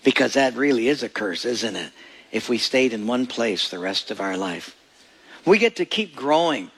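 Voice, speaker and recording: A man's voice: medium pitch, big pitch swings, normal speed, fairly bright tone, slightly rough. A man preaching a sermon as pastor, telling stories and acting out little scenes. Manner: storytelling preacher who acts out voices and jokes.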